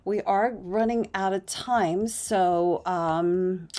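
A woman's voice: medium pitch, very slow, mellow. A woman co-hosting a radio show, chatting loosely with many fillers. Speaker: radio co-host. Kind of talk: casual radio chat.

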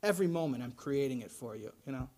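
A man voicing a gentle fatherly God. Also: mid-range voice, expressive, quick pace, voice pushed down, lightly acted. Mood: soothing. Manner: tender, calls the listener dear. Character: gentle fatherly God, older male deity.

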